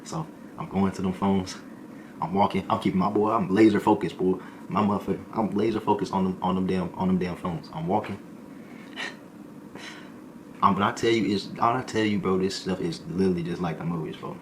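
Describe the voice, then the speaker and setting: A man with a low voice rattles through a story at a quick clip. He talks in loose, slangy bursts and sometimes jumps into other people's voices. A faint background hum sits under the recording. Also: fairly even intonation. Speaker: streamer telling a story. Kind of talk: casual storytelling.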